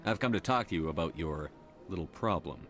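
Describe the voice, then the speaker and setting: A steady human military commander, with a slightly low voice. He talks quickly and gets straight to the point. Faint game music sits behind his lines.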